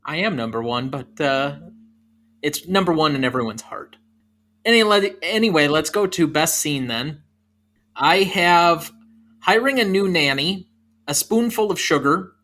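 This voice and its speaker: A male podcast co-host ribs his partner with wry jokes, then steers the segment forward. His voice is bright and sits slightly high. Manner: wry, teasing. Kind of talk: casual movie podcast chat.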